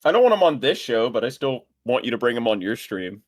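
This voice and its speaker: Male co-host, mid-pitched voice, teasing and blunt banter. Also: very animated, brisk. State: sober. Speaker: podcast co-host. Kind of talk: casual chat.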